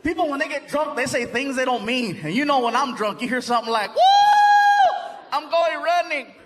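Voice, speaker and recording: A man tells animated stand-up comedy stories, breaking into shouts and put-on voices. His voice sits very high for a man. The live stage recording carries a clear layer of noise. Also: fast talker, a loud crowd.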